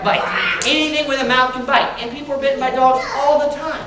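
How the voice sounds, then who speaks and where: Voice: high-pitched, level tone, fast. An animal trainer presenting energetically to a library audience, calling out to the crowd and asking questions. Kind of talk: lively live presentation to children. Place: large indoor hall with an audience. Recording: echoey hall, distant mic, noisy crowd.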